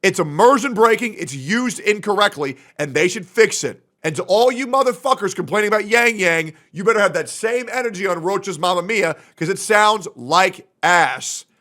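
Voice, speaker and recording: Young man, streamer, casual reaction, blunt, profane, ranting, bright sharp tone, lively pitch. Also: normal speed, hardly any pauses.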